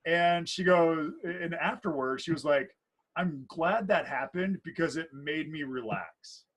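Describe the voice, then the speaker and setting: A man's voice: fairly high pitch, measured pace, fairly bright tone, slightly rough, poor audio. A man in his thirties, a wedding DJ and MC co-hosting a casual podcast chat, telling stories in a playful, rambling way with many restarts. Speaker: wedding DJ and MC, co-host.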